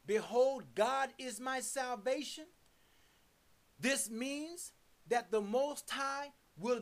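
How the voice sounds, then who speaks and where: A woman preaching in a slow, measured sermon, leaning hard on each word and circling back through lists. Her voice sits fairly high. She lingers over syllables as she teaches. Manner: emphatic, repeats and lists words, stresses syllables. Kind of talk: sermon with scripture study.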